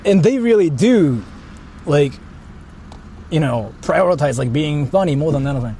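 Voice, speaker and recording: A man chats casually while he drives, vlogging in a rambling way packed with fillers and swearing. His voice is a little high, expressive and warm, at a normal speed. Faint road and street noise can be heard inside the car.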